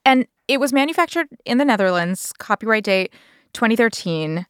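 A woman telling a story to podcast hosts in a casual, animated way, laughing as she goes and acting out what people said. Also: on the high side, moderate pace, clean tone, no echo, studio quality. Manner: animated, laughs while telling, acts out quotes.

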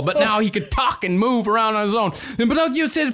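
High-voiced man telling a crude improvised story. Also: lively intonation, brisk, few pauses, a bit bright. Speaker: podcast co-host.

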